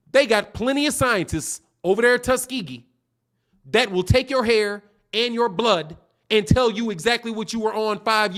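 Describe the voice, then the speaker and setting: A man with a notably high voice hosts a boxing livestream. He rants casually, swearing freely and mocking his targets in heavy slang. He breaks into laughter often. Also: a bit bright. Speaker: boxing channel host.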